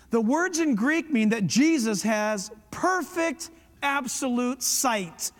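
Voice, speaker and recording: High-voiced preaching man in a reverberant hall. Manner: emphatic, preaching with rising force and quick asides. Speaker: pastor. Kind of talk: sermon.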